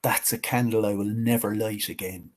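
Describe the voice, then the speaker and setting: A man voicing the Carruach, a crafty healer who calmly tricks Death. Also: fairly low pitch, moderate pace, voice pushed down, lightly acted. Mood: sly. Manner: sly, calm and cheerfully tricky.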